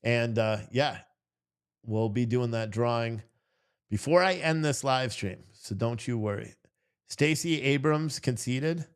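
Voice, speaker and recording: A man's voice: medium pitch, measured pace, smooth. Man, live-stream host, tired, rambling, profane, casual commentary.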